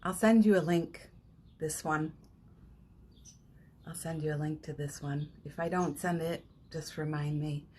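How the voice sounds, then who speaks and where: A woman with a slightly low voice hosts a live-streamed morning session from home, chatty and light, slipping into slow guided affirmations. She laughs often and drops to near-whispers. A faint hiss of background noise sits under her phone-mic sound. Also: steady tone. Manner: chatty, warm-hearted, laughs often, breaks into soft affirmations. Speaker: spiritual coach hosting a live morning session.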